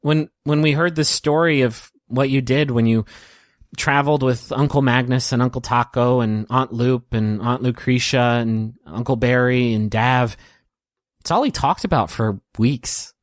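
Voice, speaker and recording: A man voicing a gentle, earnest young girl who speaks softly and sincerely. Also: mid-range voice, measured pace, dry recording, clean studio sound, lightly acted. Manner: soft and sincere.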